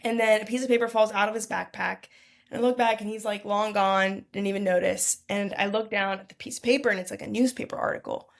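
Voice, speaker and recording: A young woman telling a long personal story as a podcast guest in a lively, chatty way. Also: medium pitch, fast talker, creaky. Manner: lively, chatty, lots of "like" and "y'all". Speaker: podcast guest, food entrepreneur. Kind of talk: casual storytelling.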